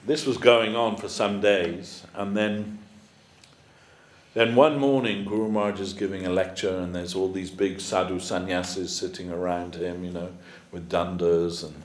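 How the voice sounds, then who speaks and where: A man's voice: deep voice, fairly even intonation, normal speed, echoey room. A man giving a storytelling sermon as a spiritual teacher, conversational with many fillers. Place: temple hall.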